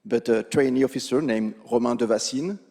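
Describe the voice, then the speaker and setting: Measured bereaved father in an echoing hall. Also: medium pitch, creaky, mellow. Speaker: bereaved father giving testimony. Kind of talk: prepared statement read aloud. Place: large hall at a public tribunal. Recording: long hall reverb.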